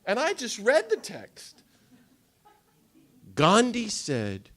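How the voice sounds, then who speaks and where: A man giving an animated storytelling talk to a gathering, fast and excitable, with a theatrical delivery. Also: fairly high pitch. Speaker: speaker at a nonviolence day. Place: indoor gathering room.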